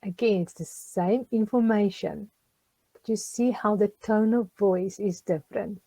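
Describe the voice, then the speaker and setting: A woman's voice: medium pitch, measured pace, mellow, no room sound. A woman, a social worker giving a chatty, encouraging tutorial to a group, with many ums and questions to her listeners. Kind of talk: casual recorded tutorial.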